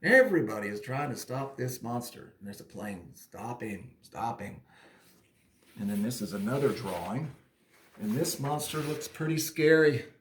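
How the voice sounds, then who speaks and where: Male art teacher, playful storyteller for kids, lively voice with big pitch swings. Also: moderate pace, echoey room, a little hiss or hum. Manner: animated, playful storytelling to children. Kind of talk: online art lesson with storytelling.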